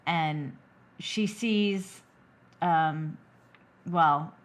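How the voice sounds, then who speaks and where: A woman's voice: low voice, very slow. A woman co-hosting a podcast in casual movie-review chat, retelling scenes step by step. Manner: chatty, recounts scenes step by step. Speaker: podcast co-host.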